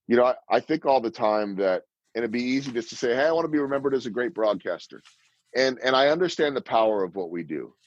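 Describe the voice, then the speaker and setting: This guest in his 50s, a sports broadcaster and speaker, answers interview questions with animated stories, acting out the quotes in a fairly low voice. The recording is dry, and the highs are cut off.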